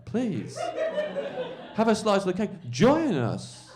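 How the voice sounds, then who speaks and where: A man voicing a whimsical male comedian who softly coaxes a heckler. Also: high voice, huge pitch swings, takes it slowly, reverberant, over music, pitched above the performer's own voice, full character voice. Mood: coaxing. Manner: soft, sweet, coaxing.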